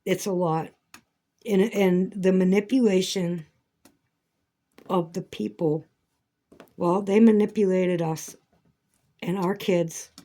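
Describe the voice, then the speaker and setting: A woman's voice: on the low side, steady tone, slow pace, pauses often, warm tone. A woman rambling through a casual vlog monologue, swearing and breaking into indignant outbursts. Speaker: vlogger.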